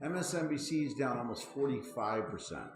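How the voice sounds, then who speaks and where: A man's voice: mid-range voice, animated, fairly quick, roomy sound, over music, low-quality recording. A man in his thirties hosting a casual chat show, ranting with lots of swearing and exasperation. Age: 30s. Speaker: podcast host.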